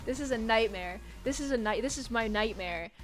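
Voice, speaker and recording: An American woman streaming a game, reading the text aloud and breaking into loud, swearing outbursts. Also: fairly high pitch, a little fast, soft background music. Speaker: streamer playing a dating sim.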